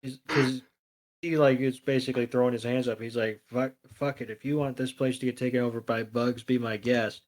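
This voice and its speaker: A man's voice: mid-range voice, steady tone, fairly quick, a little mellow, rough recording. A man co-hosting a podcast, recapping a cartoon episode in crude, sarcastic casual chat. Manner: crude, profane, sarcastic retelling. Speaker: podcast co-host.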